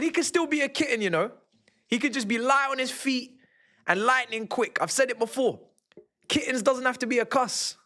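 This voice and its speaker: Man, young, high-pitched, fan streamer, slangy live match chat. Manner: excitable, slangy, shouting at goals. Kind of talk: live match watch-along commentary.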